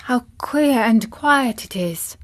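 A woman's voice: a little high, expressive, slow, pitched above the performer's own voice. A woman voicing a spoiled, stiff little girl who speaks imperiously in a storybook reading. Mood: wondering. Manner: imperious, indignant.

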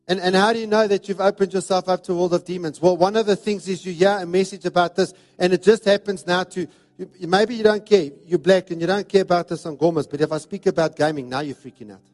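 A pastor preaching a sermon in an emphatic, repetitive cadence. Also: male voice, high-pitched, steady tone, fast talker, few pauses, a little mellow. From South Africa.

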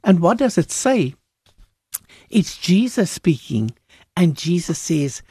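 A woman's voice: on the low side, big pitch swings, slow pace, pauses often, dark tone, husky, no echo, clean studio sound. A woman minister talking about faith in an earnest, emphatic way, often restarting her sentences as she preaches conversationally. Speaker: Christian minister, guest.

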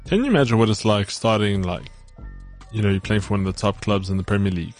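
A man's voice: on the low side, quick pace, faint music behind. A man co-hosting a casual sports podcast, easygoing and asking questions. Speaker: podcast co-host.

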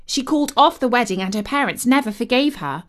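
A woman doing an excitable teenage girl. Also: fairly high pitch, brisk, lightly acted. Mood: alarmed. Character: alarmed teenage girl, dramatic, superstitious.

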